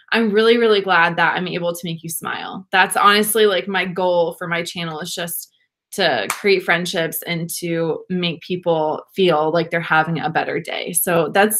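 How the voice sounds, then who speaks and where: A young woman, chatting warmly and gushing to viewers during a casual livestream makeup session. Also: lowish voice. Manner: bubbly, gushing, laughs often, talks to viewers. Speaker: beauty vlogger.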